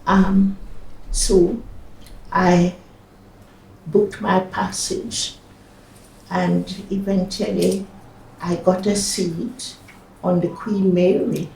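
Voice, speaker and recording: Older Jamaican woman, gravelly and hesitant. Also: fairly low pitch, little pitch movement, extremely slow, pauses often, a little mellow, a little hiss or hum. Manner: hesitant, with fillers and restarts. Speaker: oral history interviewee. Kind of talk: oral history recollection. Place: community centre room. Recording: echoey room, mic at a distance.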